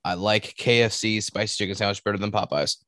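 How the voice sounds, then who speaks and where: A man's voice: lowish voice, steady tone, pushed and bright, no room sound, studio quality. A man co-hosting a podcast in casual banter, rambling and swearing with many restarts. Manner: rambling, profane, halting restarts. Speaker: podcast co-host.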